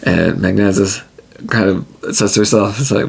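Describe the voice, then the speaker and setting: A man's voice: lowish voice, fairly even intonation, normal speed, creaky, husky. A man narrating and playing a solo tabletop game in a rambling, easygoing way. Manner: rambling, laughing often.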